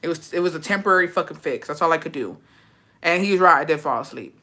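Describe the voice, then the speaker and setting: A young woman hosting a livestream, telling a story in a rapid, profane, casual way and dropping in Spanish words. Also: sits low, expressive, pushed and bright. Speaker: livestream host.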